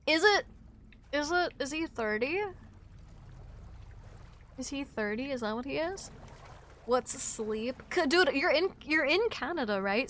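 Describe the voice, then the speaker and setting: A young woman from Wisconsin chatting on a live gaming stream, sick and sleepy, scattered and chatty with sudden loud outbursts. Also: sits high, no room sound. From Wisconsin, USA. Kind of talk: casual live-stream chat while gaming.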